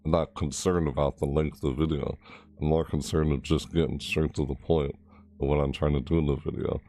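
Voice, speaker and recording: A man's voice: rumbling low, level tone, brisk, warm tone, no echo. A man chatting casually on a live stream, rambling, reading chat messages aloud and chuckling.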